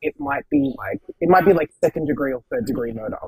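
A sassy man chats as a podcast guest. His voice is high and husky with a gravelly edge and leaps around in pitch. The sound is close and dry. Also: huge pitch swings, quick pace, darkish tone, dry recording, poor audio. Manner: brash, sassy, swears freely. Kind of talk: casual chat.

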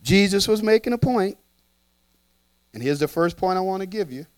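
A man preaching a sermon, animated and playful, trading lines with his congregation in a church. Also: high-pitched, normal speed, no echo. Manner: animated, playful, talks back and forth with the congregation.

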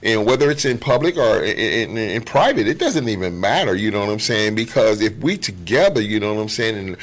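Laid-back man with a lowish voice. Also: expressive, brisk. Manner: laid-back, repeats "you know what I'm saying". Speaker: podcast co-host. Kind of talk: casual advice chat.

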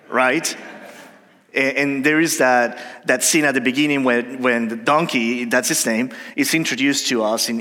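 A male pastor preaching a sermon in a halting, conversational way, full of pauses and restarts. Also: mid-range voice, fairly bright tone, big-room sound. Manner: hesitant, many fillers and restarts.

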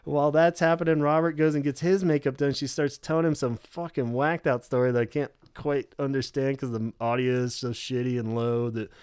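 A man's voice: medium pitch, fairly even intonation, fairly quick, few pauses, a little mellow, smooth, dry recording, clean studio sound. A man co-hosting a podcast in casual chat, rambling and swearing, with lots of filler "like". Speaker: podcast co-host.

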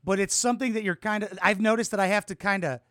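A man in his twenties hosting a podcast, reacting loudly and mockingly to a video clip and swearing often. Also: sits high, quick pace, no echo, studio quality. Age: 20s. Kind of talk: casual reaction commentary.

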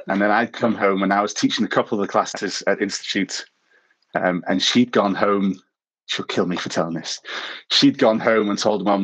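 A man with a lowish voice talks casually as a podcast guest, working his way through long personal anecdotes. He was born in South Africa and tells his stories with a self-mocking streak, often breaking into a chuckle at his own expense. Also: moderate pace, a bit bright, slightly rough, poor audio. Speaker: podcast guest, former missionary. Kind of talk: casual anecdotal interview talk.

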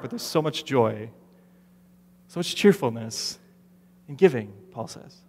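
Animated preacher in an echoing hall. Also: male voice, mid-range voice, moderate pace, long pauses. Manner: animated, acts out listeners' doubts in quoted asides. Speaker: pastor. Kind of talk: sermon. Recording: long reverb of a large hall.

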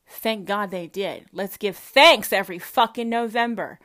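A woman's voice: mid-range voice, measured pace, a bit bright. A woman with a Southern American accent delivering a combative, profanity-laced rant full of rhetorical questions. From Southern United States. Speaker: commentator. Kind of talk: profane religious rant to camera.

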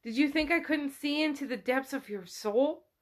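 A woman voicing a menacing, possessive male spirit who craves a body, speaking fast and taunting while she retells a novel. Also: sits high, pitched above the performer's own voice, natural voice.

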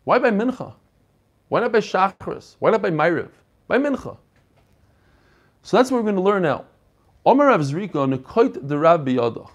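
Animated man teaching Talmud. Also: fairly high pitch. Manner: animated, questioning the class. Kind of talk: online Talmud class. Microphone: computer mic on a video call.

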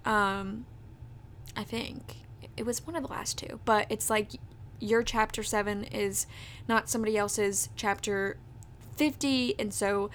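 Young woman podcast host; casual, filler-heavy storyteller; pitched a bit high. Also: fairly bright tone, slight background noise. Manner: chatty, leans on fillers like "like" and "that type of deal".

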